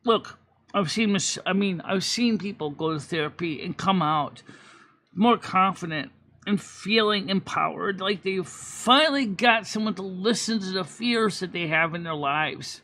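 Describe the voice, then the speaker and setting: Man, high voice, bright tone, channel host, casual monologue, profane ranting, acts out quoted people. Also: a little slow. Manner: animated storyteller, swings from loud outbursts to quiet earnest talk. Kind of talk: casual talking-head monologue.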